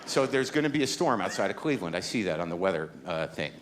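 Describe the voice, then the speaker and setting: A man's voice: low voice, big pitch swings, quick pace, heavy background noise. A middle-aged man performing stand-up comedy, telling a story in a rambling, anxious and emphatic way. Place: comedy stage.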